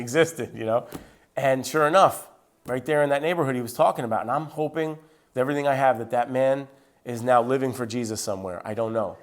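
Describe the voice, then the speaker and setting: A man telling a personal faith story in a lively, conversational way, acting out the dialogue as he goes. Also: mid-range voice. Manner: acts out quoted dialogue with lively shifts; conversational, with "like" and "right?" asides. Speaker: Christian speaker sharing his testimony.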